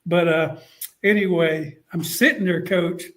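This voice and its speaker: A man's voice: high voice, unhurried, a little hiss or hum. A middle-aged man, a college football coach telling a story in a casual interview and acting out what others said. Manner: animated storyteller, acts out quotes.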